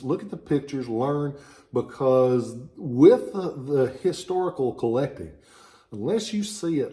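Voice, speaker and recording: A man's voice: mid-range voice, warm tone. A man with a Southern US accent talking informally about antiques he sells, chatty and prone to digress, with stuffy sinuses, in a small office. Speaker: relic dealer and shop owner. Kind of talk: informal product talk.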